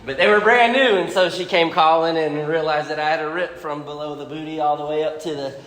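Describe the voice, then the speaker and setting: A man teaching a Bible lesson, retelling the story casually and acting out the characters' lines with lively energy. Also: fairly high pitch, brisk, long reverb tail, slight background noise.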